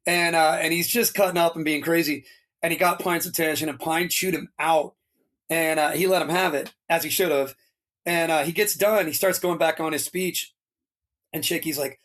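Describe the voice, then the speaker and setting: Man, 50s, higher-pitched, loose talker, animated storyteller. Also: brisk. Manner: rambling, filler-heavy, animated when quoting others. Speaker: interview guest, retired fire lieutenant. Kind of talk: casual storytelling.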